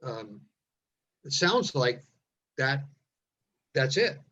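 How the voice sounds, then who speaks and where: A man asking a question on a video call, halting and searching for words. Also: medium pitch, sing-song, sharp tone, slightly rough. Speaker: caller. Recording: dull lo-fi call audio.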